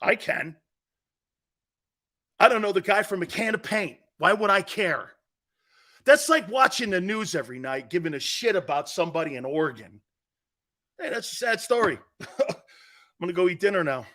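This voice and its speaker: Male sports show host, combative rant, high bright voice that swings all over the place. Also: lively intonation, normal speed, pauses often. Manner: blunt, combative, mocking imitations of others. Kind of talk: opinionated sports radio rant.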